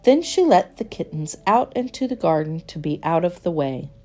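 Woman narrator, children's storybook, lively intonation, faint background music. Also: fairly low pitch. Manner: gentle, expressive, measured.

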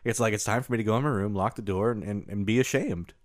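A man's voice: on the low side, quick pace, no echo, studio quality. A man co-hosting a podcast, chatting casually and joking, often slipping into goofy voices. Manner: goofy, jokey, drifts into silly put-on voices. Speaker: podcast co-host. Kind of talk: casual comedic chat.

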